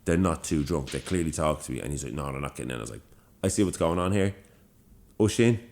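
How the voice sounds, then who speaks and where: A young man from Ireland with a Dublin accent, co-hosting a podcast and telling an animated, swear-filled story. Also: a bass voice, fast talker, creaky. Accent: Dublin Irish. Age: young adult. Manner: animated storyteller, swears freely, acts out quoted lines. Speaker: podcast co-host. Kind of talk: casual storytelling chat.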